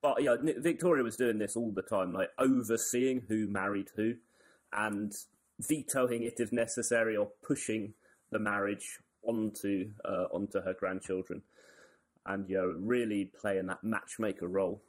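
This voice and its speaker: Wry man with low voice. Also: fairly even intonation, moderate pace. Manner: wry, joking asides. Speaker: podcast co-host. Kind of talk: casual history chat.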